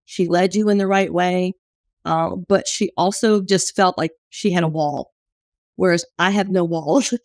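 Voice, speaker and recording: A woman business owner from New Orleans, USA, tells stories openly and chattily in a candid interview, using fillers along the way. Her voice is on the low side, steady and a little mellow, at a measured pace, recorded in studio quality with no room sound.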